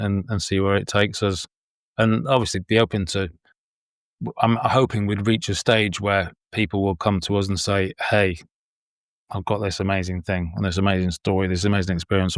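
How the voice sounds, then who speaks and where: Man, low voice, dry close sound, casual interview guest, rambling with ums and restarts. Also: clear, resonant tone, dry recording. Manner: rambling, repeats words, many ums. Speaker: filmmaker and paranormal investigator, podcast guest.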